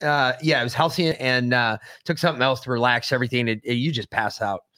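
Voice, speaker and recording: A man telling a story on a podcast, swearing freely and getting animated as he goes. His voice sits at an ordinary middle pitch. The sound is close and dry, with no room echo. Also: fast. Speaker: podcast host. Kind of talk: casual storytelling chat.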